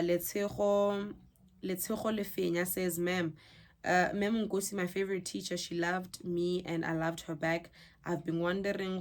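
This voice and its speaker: South African woman reading viewer comments. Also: on the low side. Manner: warm, chatty, switches between English and Setswana. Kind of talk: casual chat.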